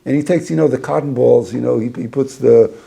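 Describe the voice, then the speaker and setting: A man's voice: mid-range voice, fairly quick, gravelly, mellow, breathy edge. A man, a rabbi, giving an informal talk to a small group, rambling through a story with many restarts.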